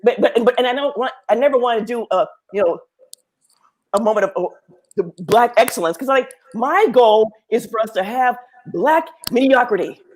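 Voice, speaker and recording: A woman professor in casual panel conversation, animated and laughing often, acting out other people's voices. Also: fairly high pitch, normal speed. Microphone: video call.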